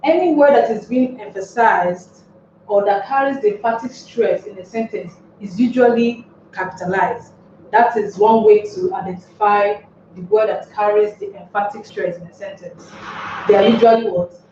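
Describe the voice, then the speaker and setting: A woman's voice: medium pitch, moderate pace, warm tone, slight background noise. A woman teaching an English lesson, posing rhetorical questions to her class and then answering them herself. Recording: echoey room, distant mic, dull sound.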